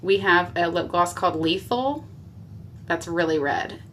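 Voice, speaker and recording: A woman's voice: lowish voice, unhurried, fairly bright tone, slight background noise. Chatty woman live-streaming a makeup session. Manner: chatty, reads viewer comments aloud and answers them. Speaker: makeup livestreamer. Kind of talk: casual live-stream chat. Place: small bathroom in a basement. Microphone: phone camera.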